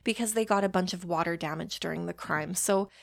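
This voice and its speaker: A woman's voice: fairly low pitch, fairly quick, creaky. A young adult woman hosting a podcast, telling personal stories in a chatty, casual way with casual swearing and self-deprecating asides. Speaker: podcast host. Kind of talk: casual storytelling monologue.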